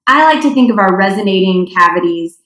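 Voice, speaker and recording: A woman's voice: medium pitch, lively intonation, brisk, a bit bright. Chatty woman voice teacher, echoey room. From North Dakota. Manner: chatty, demonstrates yawning vocal sounds. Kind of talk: singing lesson.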